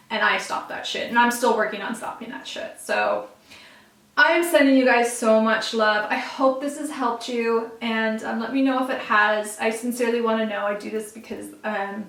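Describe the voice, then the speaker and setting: A woman's voice: a little high, fairly bright tone, distant mic. Earnest woman reading tarot in an echoey room. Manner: earnest, emphatic, talks straight to viewers. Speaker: tarot reader. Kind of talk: casual tarot reading to camera. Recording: roomy echo, a bit off-mic.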